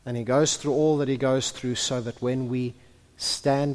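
A man preaching a sermon who builds to impassioned, near-shouted peaks and then drops to hushed tones. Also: mid-range voice, flat delivery, unhurried. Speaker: pastor. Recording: long hall reverb.

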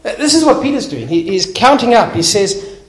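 Animated male preacher, echoey hall. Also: high-pitched, brisk. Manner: animated storyteller acting out little scenes, with some restarts. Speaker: pastor. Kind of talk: sermon. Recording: echoey hall, faint noise.

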